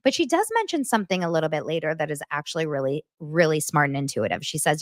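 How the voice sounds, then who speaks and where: A woman hosting a podcast, recapping reality TV in a blunt, animated and profane way. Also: sits low, quick pace, few pauses, dry recording, studio quality. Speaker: podcast host.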